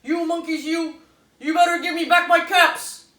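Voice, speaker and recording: A woman voicing an angry male cap peddler who shouts demands and gasps broadly in a storybook act-out. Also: fairly high pitch, measured pace, reverberant, natural voice.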